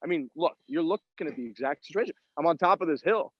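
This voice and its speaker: A man's voice: fairly high pitch, animated, fast talker, no room sound, highs cut off. A man co-hosting a podcast, calling in from outdoors at a golf tournament and telling self-mocking, profane stories about his round. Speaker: podcast co-host. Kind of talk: casual chat.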